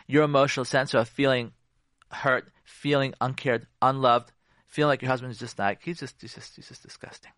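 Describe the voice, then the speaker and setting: A man's voice: medium pitch, dry recording, clean studio sound. A man, a rabbi, giving marriage advice on the radio, acting out conversations and asking listeners questions. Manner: animated, acts out conversations and asks the listeners questions. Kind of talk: radio talk.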